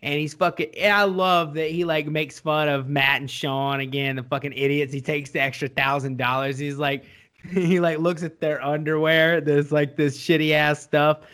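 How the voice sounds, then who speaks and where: A man co-hosting a podcast, chatting casually in a profane, rambling and excitable way. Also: a little high, moderate pace. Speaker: podcast co-host. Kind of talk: casual chat.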